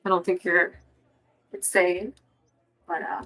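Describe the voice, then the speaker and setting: A woman's voice: fairly low pitch, steady tone, takes it slowly, sharp tone, rough recording. A woman playing a tabletop game in a casual, blunt way, swearing and pressing with questions. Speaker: player. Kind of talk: casual tabletop role-play.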